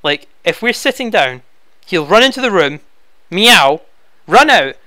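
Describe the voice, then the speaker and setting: A young man rambles through viewer questions into his headset, chatty and quick to get flustered. His voice sits fairly high and sounds bright, clean and smooth. The sound is close and dry, with no room around it. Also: very animated, dry recording. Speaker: YouTube Let's Player. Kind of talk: casual Q&A answering viewer questions. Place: home room.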